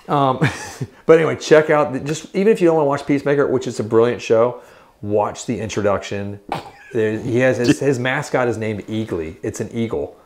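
A man's voice: mid-range voice, brisk, darkish tone. A man co-hosting a casual chat in a guitar shop, joking around and breaking into silly voices. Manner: playful, jokey, breaks into sung bits and silly voices. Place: guitar shop in an old bowling alley.

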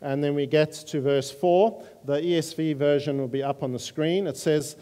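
Male preacher, earnest and halting, mellow tone, long reverb of a church hall. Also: a little high, steady tone. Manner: earnest, halting, with frequent fillers. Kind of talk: sermon.

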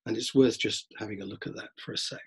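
Male drama teacher with a London accent, low husky voice, discursive lecturing, repeats himself as he thinks. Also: steady tone, fast, low-quality recording. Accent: London English. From England. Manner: discursive, repeats words while thinking, acts out theatregoers in mock voices. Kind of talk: explanatory lecture.

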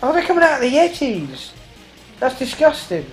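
A woman talks over a co-op game, her voice swinging widely in pitch as she yelps and laughs. She swears mildly and chatters nonstop, with faint game music underneath. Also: very animated, normal speed, poor audio. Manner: exclaiming, laughing, mild cursing. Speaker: let's play host. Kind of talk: casual co-op gameplay chat.

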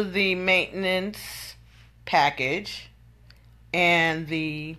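A woman's voice: lowish voice, animated, measured pace, bright, forceful tone. A woman venting in an exasperated, incredulous storytelling monologue. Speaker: vlogger.

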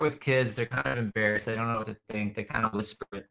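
A man from the United States hosting a casual livestream, reading viewer comments in a loose, rambling way with loud bursts when he demonstrates. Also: lowish voice, fast, creaky, low-quality recording. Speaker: host answering viewer comments.

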